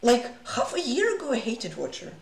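A woman's voice: on the high side, huge pitch swings, moderate pace. A woman streaming chess live, chatting with viewers and laughing often. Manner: giggly, laughs often between remarks; reads out moves and chats with viewers. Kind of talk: casual live-stream chat while playing blitz. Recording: echoey room with clear background noise.

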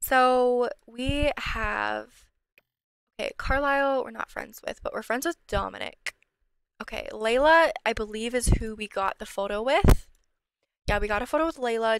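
Young woman chatting through her sim game, kinda high voice, dry close mic. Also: normal speed, a bit bright, clear, resonant tone, no room sound. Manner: chatty, drops to whispers when worried. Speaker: gameplay channel host. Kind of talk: casual let's-play commentary.

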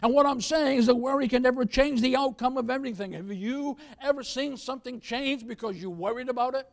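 An older man preaching with a high, ringing voice, pushing phrases louder and calling for an amen. He shifts into a soft, chuckling storyteller tone when telling anecdotes. The delivery is that of a pastor working a congregation. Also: fairly quick. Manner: preaching with rising emphasis and call-and-response "amen". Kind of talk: sermon.

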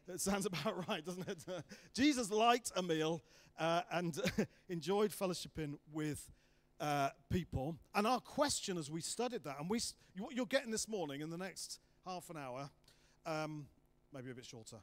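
A man preaching to a church congregation in a relaxed, joking way, full of quick asides. His voice sits a little high, and the sound is close and dry with no room echo. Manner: jokey and chatty, self-deprecating asides. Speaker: guest preacher. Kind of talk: church sermon. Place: church hall.

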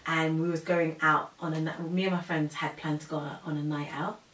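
A young woman telling a personal story in casual chat, animated and full of fillers, acting out what people said. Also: low-pitched, brisk, slight background noise. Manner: animated, chatty, full of fillers and acted-out quotes. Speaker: storyteller guest. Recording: roomy sound from a distant mic.

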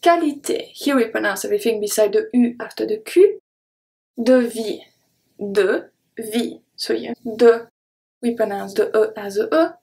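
A woman teaching pronunciation, saying each word slowly and repeating it before she explains its sounds. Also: a little high, vocal fry, warm tone. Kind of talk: slow word-by-word pronunciation lesson.

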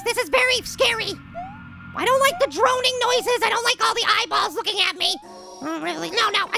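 A man voicing a tiny, cocky boy apple in a cartoon gaming video, trash-talking in a squeaky, gravelly high voice with slangy rhymes. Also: exaggerated voice. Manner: brash, jokey trash talk with slangy rhymes. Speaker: game-playing cartoon character. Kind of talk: let's-play commentary in character. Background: game music.

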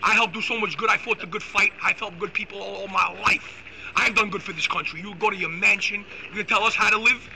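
A man hosting a live stream, ranting loudly and excitably with crude insults. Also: high-pitched, fast talker, vocal fry, crowd noise, rough recording. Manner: loud, excitable, profane, insulting. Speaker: host. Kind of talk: live-streamed political rant.

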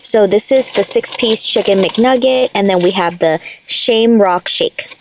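A woman hosting a casual mukbang from her car, chatty and excitable, with rambling asides. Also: mid-range voice, a little slow, very noisy. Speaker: mukbang host. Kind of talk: casual eating-show chat.

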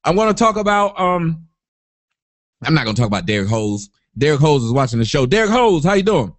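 A man hosting an online talk show, ranting loudly and profanely in a comic style. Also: on the high side, fairly quick. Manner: loud, profane, animated, breaks into sung chants. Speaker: host.

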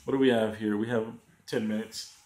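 A gun channel vlogger rants in a heated, sarcastic video, swearing a lot and mocking others in a raised voice. His fairly low voice holds a steady tone at a slightly fast pace, recorded in an echoey room with heavy background noise.

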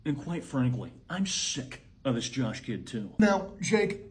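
A man playing a sleazy, scheming male school counselor in a comedy sketch, talking low and smug. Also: big pitch swings, measured pace.

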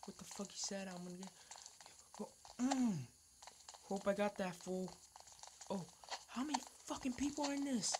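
A woman commentating her gameplay, excitable and trash-talking, swearing often and repeating words in taunting bursts. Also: medium pitch, normal speed, long pauses, noisy background. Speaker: gaming channel host.

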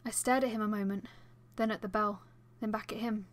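A woman reading a first-person fan audiobook as its narrator, with expressive delivery. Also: mid-range voice, brisk, few pauses.

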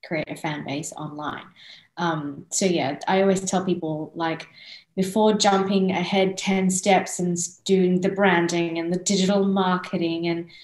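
A woman in her thirties, from Australia, talks in a lowish, animated voice as a podcast guest. She laughs easily between points. The room around her is echoey. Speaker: singer-songwriter guest. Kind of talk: casual podcast conversation.

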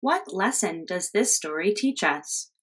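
A woman teacher reading a picture book aloud to children in a clear, expressive storytelling manner. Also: fairly low pitch, unhurried, rough recording.

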